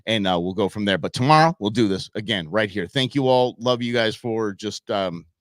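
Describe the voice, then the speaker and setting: A man's voice: fairly low pitch, normal speed, no room sound, studio quality. A middle-aged man hosting a live outdoors show from his desk, telling stories in a casual monologue and acting out what people said. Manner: animated storyteller acting out quotes. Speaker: show host. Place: home studio at a computer.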